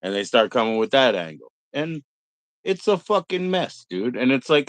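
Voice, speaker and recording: A man's voice: medium pitch, big pitch swings, moderate pace, dry recording, low-quality recording. A middle-aged man hosting a casual livestream, rambling and swearing, mocking other people in put-on voices. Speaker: livestream host.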